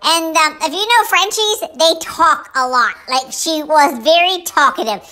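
A woman's voice: sits high, measured pace, sharp tone. A woman voicing a sassy, pampered female French bulldog, telling a gossipy story with many ums. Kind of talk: storytelling pet vlog.

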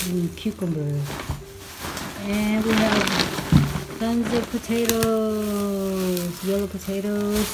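A woman with a Filipino accent talks through her vlog in an easygoing, chatty way. She names things one at a time at a slow, unhurried pace. Clear music plays underneath her voice. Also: mid-range voice. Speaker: vlogger. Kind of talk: casual grocery haul vlog. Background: background music.

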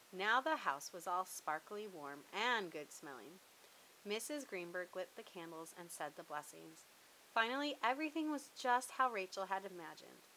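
A woman reads a children's picture book aloud, lively and expressive. Her voice is bright and clear. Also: medium pitch, a little hiss or hum, low-quality recording. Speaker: storybook reader. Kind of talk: children's storybook read-aloud.

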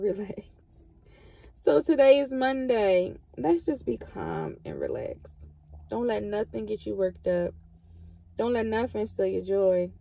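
A woman's voice: mid-range voice, creaky, no room sound, muffled recording. A middle-aged woman, giving repetitive, encouraging motivational vlog talk with Christian references. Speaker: vlogger.

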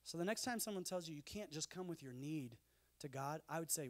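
A man speaking at a conference in an animated, conversational sermon style with jokey asides. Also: a little high, brisk.

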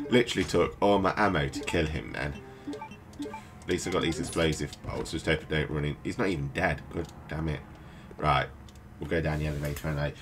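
A tired British man from the UK, rambling to himself in casual gameplay commentary as a let's play host. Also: rumbling low. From United Kingdom. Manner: rambling, mutters to himself while playing. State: tired, up at night. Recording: game music playing behind.

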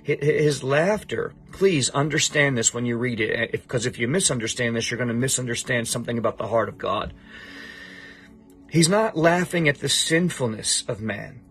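A man's voice: medium pitch, a bit bright. A middle-aged man teaching a Bible passage to a student, emphatic and repeating his points.

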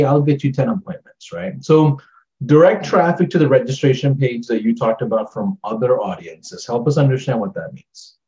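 A man's voice: medium pitch, mellow, highs cut off. A man co-hosting an online workshop, talking in a casual, upbeat way and often saying "like". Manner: casual, upbeat, says "like" a lot. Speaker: workshop co-host. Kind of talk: webinar chat.

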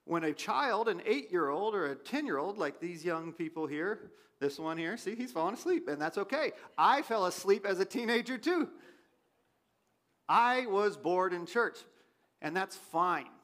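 High-voiced animated man preaching a sermon. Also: a little slow. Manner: animated, rising to loud questions, dropping to quiet asides. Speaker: pastor. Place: church sanctuary.

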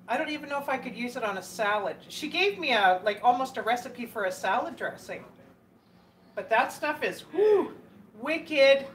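A Canadian woman with a higher voice chats casually as she cooks, greeting her viewers by name and laughing often. Her talk is loose and conversational, and a faint hiss sits under the recording. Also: fairly bright tone. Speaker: cooking livestream host. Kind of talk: casual chat while cooking.

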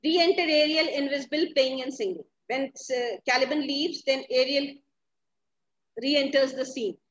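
A woman's voice: high voice, moderate pace. A woman teaching a literature lesson, paraphrasing each line of a play and often checking in with her listeners. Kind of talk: classroom lesson explaining a play. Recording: echoey, slightly dull, faint background noise.

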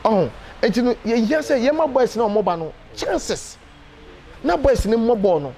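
Animated high-voiced Ghanaian man. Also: fairly quick. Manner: animated, emphatic, with frequent hesitation fillers. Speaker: interview guest. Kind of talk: casual interview.

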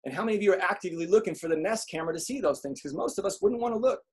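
A man giving a motivational talk to an audience, telling comic stories and acting out quotes in an animated way. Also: high-pitched, racing, breathy edge. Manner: animated storyteller, acts out quotes. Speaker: speaker.

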